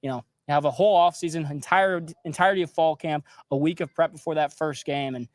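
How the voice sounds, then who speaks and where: Brief: young male co-host, slightly high voice, dry sound, relaxed chatter. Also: fast, no room sound. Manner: conversational, many fillers. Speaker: sports show co-host. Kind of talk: sports analysis chat.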